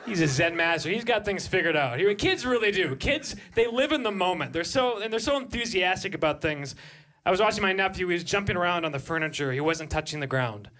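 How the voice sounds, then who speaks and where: A man in his thirties performs stand-up on a comedy club stage, his voice high and ringing with a bright, forceful edge. He keeps up a lively set and breaks into shouted high voices for his bits. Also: fairly quick.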